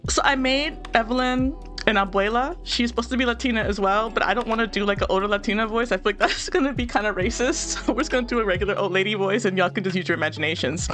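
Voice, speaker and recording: A woman's voice: a little high, lively intonation, fast, hardly any pauses, fairly bright tone. A young woman with a stuffy nose, chatting and giggling casually as she plays a game. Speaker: let's play host. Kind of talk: casual gameplay commentary. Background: faint game music.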